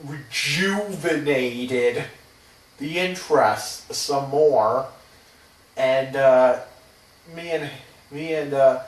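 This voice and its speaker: A man's voice: medium pitch, drawn-out words, pauses often. A man in his thirties rambling through a personal story, hesitant and casually swearing. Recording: roomy, distant from the mic.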